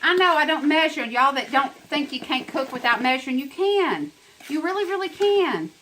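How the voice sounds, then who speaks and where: A woman's voice: sits high, expressive, normal speed, a bit bright, a little hiss or hum, rough recording. A woman chatting her way through a home cooking demonstration, rambling and talking straight to her viewers in her kitchen.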